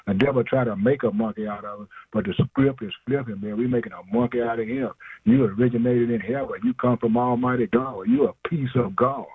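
A man's voice: mid-range voice, husky, no echo, phone-quality sound. A man preaching an informal sermon, emphatic and slangy, asking questions and answering them himself, chuckling often.

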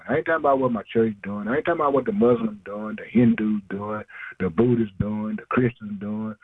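Husky man preaching over a tinny line. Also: mid-range voice, no echo. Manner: emphatic call-and-response, asks and answers himself, chuckles often, slangy. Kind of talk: informal sermon.

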